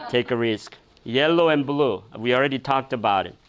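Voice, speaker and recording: A man's voice: mid-range voice, moderate pace. A male pastor delivers a sermon as a personal story. He talks loosely, full of fillers and restarts, and laughs as he goes.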